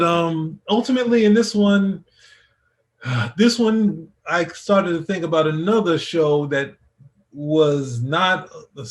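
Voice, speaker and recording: A man co-hosting a casual review chat, rambling with many restarts as he thinks aloud. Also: on the high side. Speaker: podcast co-host.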